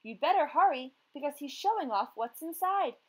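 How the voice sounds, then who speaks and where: A woman voicing an excited male friend who shouts urgent news in a children's storybook. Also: high-pitched, normal speed, pitched above the performer's own voice.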